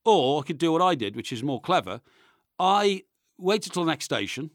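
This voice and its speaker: A man's voice: fairly high pitch, very animated, moderate pace, no room sound. A man with a studio microphone, talking in comic banter in an indignant, rambling way with stammered restarts.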